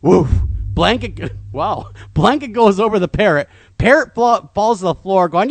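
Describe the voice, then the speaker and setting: A man co-hosting a talk radio show, telling a comedic, self-deprecating story in an animated way. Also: high-pitched, unhurried, few pauses, dry recording.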